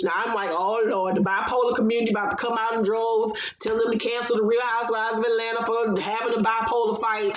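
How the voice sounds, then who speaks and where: Blunt, profane woman recapping TV. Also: a little high. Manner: blunt, sassy and heavily profane. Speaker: reality TV recap host. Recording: roomy, slightly dull recording.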